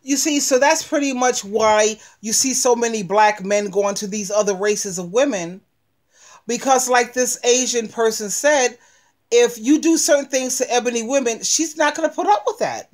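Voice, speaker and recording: A woman's voice: a little high, lively intonation, normal speed. A middle-aged woman giving casual, emphatic commentary as a relationship advice vlogger, acting out sassy retorts. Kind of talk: casual commentary on a played clip.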